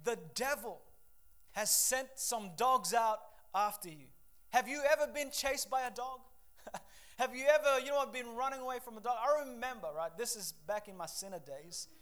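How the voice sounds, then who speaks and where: High-voiced animated male preacher. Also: moderate pace. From Papua New Guinea. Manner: animated storytelling with shifting loudness, acts out voices. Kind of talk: sermon.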